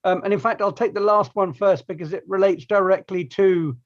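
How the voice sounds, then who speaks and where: A man moderating audience questions at a talk event, speaking briskly and friendly. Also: high voice. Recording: dull lo-fi sound.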